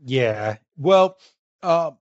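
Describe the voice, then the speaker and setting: A man's voice: medium pitch, animated, very slow, dry recording, dull audio. A man hosting a casual podcast, joking around and laughing easily with his co-host. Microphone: remote call line.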